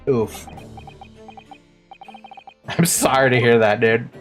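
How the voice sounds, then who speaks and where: A woman's voice: a bass voice, expressive, normal speed, faint music behind. Casually swearing woman gamer. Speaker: let's play streamer. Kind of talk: casual game commentary.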